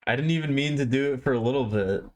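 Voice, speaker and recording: A male streamer talks casually while drawing, answering his chat. His delivery is mumbling and self-deprecating, at an everyday mid pitch. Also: quick pace, a little mellow.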